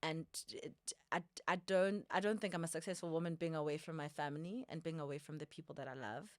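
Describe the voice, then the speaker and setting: A woman's voice: low voice, fast, dry recording, clean studio sound. A woman in her early thirties, a guest in a casual podcast chat, earnest and reflective, repeating phrases for emphasis. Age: 30s.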